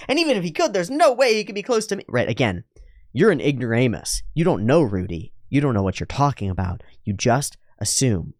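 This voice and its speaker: A man's voice: mid-range voice, dry recording, clean studio sound. Laid-back man riffing on an anime. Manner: narrates scenes and jumps into quick mocking character voices, laughs often. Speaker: anime reaction host. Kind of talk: casual commentary over an anime episode.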